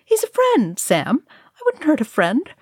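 A woman voicing Pippin, an earnest, fretful young male hobbit with a high, eager voice. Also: huge pitch swings, a little slow, dry recording, clean studio sound, heavily acted. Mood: earnest protest.

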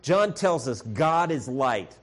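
A man's voice: mid-range voice, big pitch swings, slow pace. A man preaching a sermon as pastor, earnest and direct, calling his listeners folks. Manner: earnest, addresses congregation as folks, acts out shouted voices.

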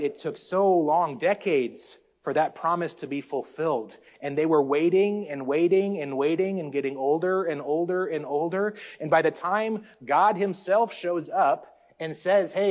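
A man preaching a sermon, calling out to the congregation and building up and easing off his intensity. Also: a little high. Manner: preaching with call-outs to the congregation, rising and falling intensity. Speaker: pastor.

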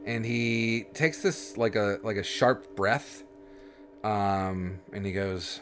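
Low-voiced man narrating a tabletop game. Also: takes it slowly, a bit bright, faint music behind. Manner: hesitant, many restarts and fillers. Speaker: game master.

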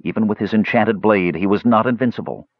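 A man reading a fantasy novel aloud as an audiobook narrator, expressive and dramatic, in a slightly muffled recording. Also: lowish voice, a little fast, no echo.

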